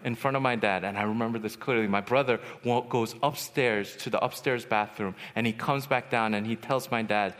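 A man giving a personal testimony as a retreat speaker, storytelling and swinging from hushed to loud. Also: medium pitch, a little fast, hardly any pauses. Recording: long hall reverb.

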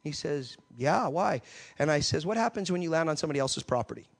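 A man preaching a sermon, telling an animated story and acting out the voices in it. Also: on the high side, fast, vocal fry.

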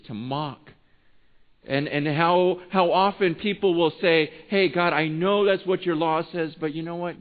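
A man preaching a sermon in a conversational way, with restarts, swinging between hushed asides and emphatic lines. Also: fairly high pitch, gravelly. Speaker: pastor. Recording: tinny phone-like sound.

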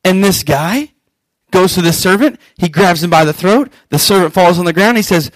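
A man preaching a sermon as pastor, animated and acting out scripture scenes. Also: high voice, moderate pace, dry recording, poor audio.

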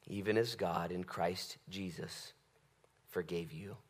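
A man preaching a conversational sermon, swinging from loud bursts to hushed asides. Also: medium pitch, sing-song, unhurried. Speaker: pastor.

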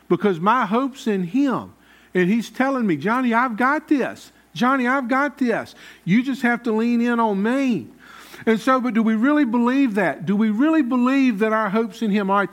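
A man preaching a sermon as pastor, in a folksy, conversational way. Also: high-pitched.

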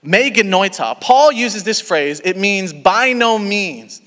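High-voiced young man preaching, lively. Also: slow pace, big-room sound. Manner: animated storytelling with many restarts and asides. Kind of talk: sermon.

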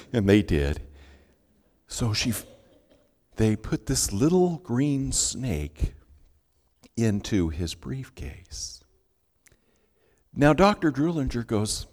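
A man's voice: deep voice, slow pace, a little mellow. A man preaching a sermon as a pastor, telling a story and acting out its scenes. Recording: long hall reverb.

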